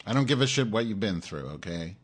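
A man's voice: lowish voice, animated, brisk, breathy edge. A man hosting his own live-stream show, in an angry, profane rant aimed straight at his audience.

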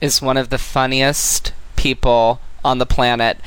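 A man setting up a comedy bit on an old podcast clip, wry and unhurried. He speaks in a slow, drawn-out way. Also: medium pitch, flat delivery, a bit bright, clear, resonant tone, no echo, poor audio.

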